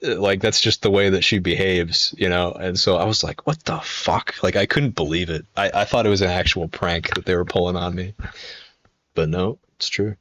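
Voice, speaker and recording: A man's voice: low-pitched, steady tone, normal speed, fairly bright tone. A man in his twenties chatting casually on a live stream, telling rambling, profane stories full of fillers and restarts. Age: 20s.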